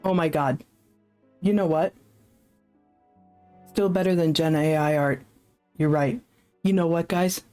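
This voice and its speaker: Woman streamer, lowish voice, unhurried, chatty and self-deprecating, soft music under her. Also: fairly even intonation. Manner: chatty, self-deprecating, thinks aloud with fillers. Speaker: streamer playing a solo tabletop game. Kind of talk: casual live-stream chat.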